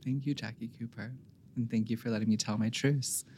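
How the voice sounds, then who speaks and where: A man's voice: medium pitch, steady tone, a little fast, warm tone, slight background noise. A young man, a fashion designer guest, telling a story in a rambling way and close to tears. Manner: tearful, rambling, many "like" fillers. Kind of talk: emotional interview storytelling.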